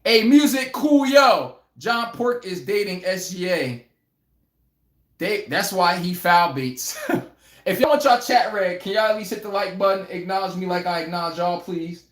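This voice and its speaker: A man's voice: high voice, normal speed, echoey room. A man hosting a casual live sports stream, joking and laughing as he reads viewer comments. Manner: animated, laughing, joking banter with chat.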